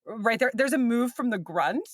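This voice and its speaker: Lively woman on a philosophy podcast. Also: fairly high pitch, slightly rough, no echo, clean studio sound. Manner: lively, curious, quick to laugh. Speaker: podcast co-host. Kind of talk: casual philosophy podcast chat.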